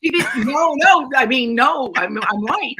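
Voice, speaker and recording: A woman's voice: high-pitched, unhurried, a loud crowd. A middle-aged woman, a comedian, telling brash, profane stories in a casual podcast chat. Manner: brash, profane, animated storyteller.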